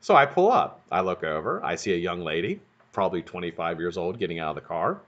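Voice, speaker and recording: A man's voice: deep voice, sing-song, fast talker, a bit bright. A man hosting a live stream, telling a rambling, profane story in a casual way. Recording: dull lo-fi stream audio.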